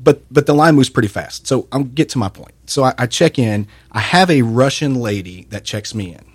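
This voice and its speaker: A man's voice: mid-range voice, brisk, slightly rough, no echo. A man co-hosting a radio show, telling a long story in casual, rambling banter full of restarts. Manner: rambling, animated anecdote with restarts. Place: radio studio.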